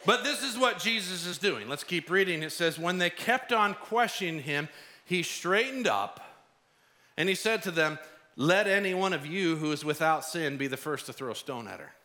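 A middle-aged man preaching a sermon, lively, acting out the voices of the people in the story. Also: fairly high pitch, normal speed. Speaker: pastor.

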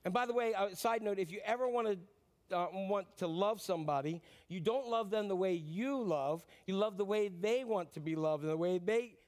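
A man's voice: high voice, moderate pace, darkish tone. A middle-aged male pastor preaching a sermon in a conversational way, repeating phrases and asking the congregation questions.

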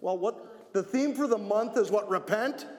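Man from Wisconsin, very high voice, playful children's message, long church reverb. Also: normal speed. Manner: lively, playful, calls and repeats to kids. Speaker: camp leader giving children's message. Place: church sanctuary.

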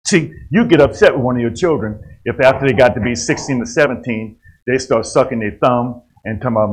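A man preaching a sermon, rising to loud emphatic passages and dropping to quiet asides. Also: mid-range voice, brisk, rough recording.

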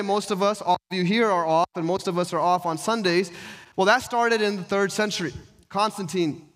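Man, high voice, pastor, conversational sermon, rhetorical questions. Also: fairly bright tone.

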